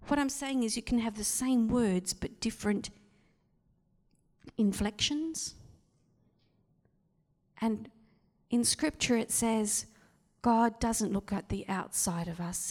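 A woman preaching a sermon, telling the story with lively acted-out voices and dropping into whispers. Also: on the high side, slow pace, long pauses, long reverb tail.

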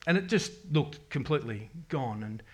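Speaking at a moderate pace in an animated, mid-range voice, a middle-aged man shares his personal faith story with his congregation. As a parish member giving testimony, he's candid and rambling, often restarting and quoting his prayers.

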